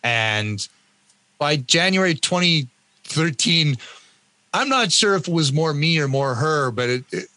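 A Canadian man in his fifties telling his own story in an interview with animated delivery, often acting out the voices of other people. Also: on the high side, unhurried, no echo. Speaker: guest, endurance athlete and coach.

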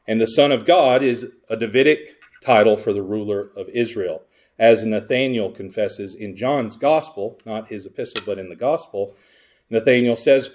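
A male pastor preaching a sermon, sarcastic and full of rhetorical questions put to the congregation, with sudden swings between loud emphasis and quiet asides. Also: lowish voice.

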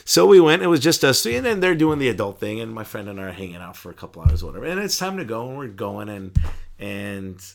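A middle-aged man telling stories in a casual interview, a little low-pitched in his ordinary talk. He stumbles over his words, laughs, and his voice jumps up high whenever he gets excited. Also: fast talker, gravelly. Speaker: interview guest, deacon and pharmacist.

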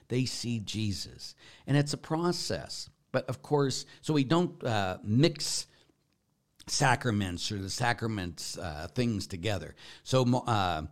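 A man, a Catholic priest, answering viewer questions in a casual, blunt and joking way, swinging between loud exclamations and low muttered asides. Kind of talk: casual Q&A talk.

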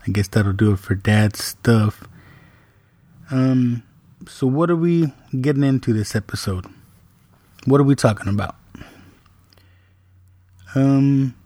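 A middle-aged man, a podcast host, telling a family story in a relaxed, rambling way with many fillers. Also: mid-range voice, dry recording, studio quality. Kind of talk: casual storytelling.

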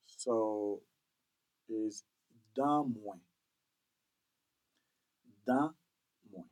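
A man leads a repeat-after-me vocabulary lesson, saying each word twice and spelling it out letter by letter. He speaks very slowly, with a slightly husky voice. His pitch moves up and down in a lively way. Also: rough recording. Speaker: language teacher.

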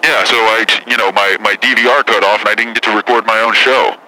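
A man's voice: on the low side, fairly even intonation, fast talker, bright, forceful tone, low-quality recording. A man doing a comedy impression of a brash, touchy female celebrity talk host who swears and gets defensive.

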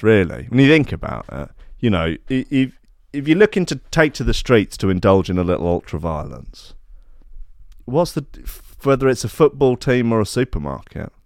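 A man's voice: mid-range voice, sing-song, moderate pace, darkish tone, no room sound, studio quality. A man hosting a comedy podcast, rambling through sardonic asides and restarts. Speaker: podcast host. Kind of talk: casual comedic podcast monologue.

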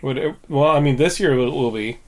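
A man's voice: medium pitch, normal speed. Mid-range male voice, casual and enthusiastic. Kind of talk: casual chat.

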